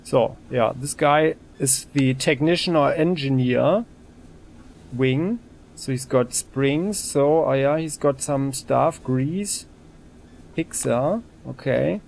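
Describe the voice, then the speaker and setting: Guy doing let's play commentary, slow and thinking out loud, keeps restarting. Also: medium pitch, vocal fry, slight background noise. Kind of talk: casual gameplay commentary.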